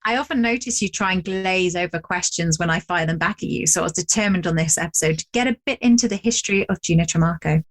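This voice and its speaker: A woman's voice: on the low side, quick pace, few pauses. A woman co-hosting a podcast in casual chat, teasing and upbeat. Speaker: podcast co-host.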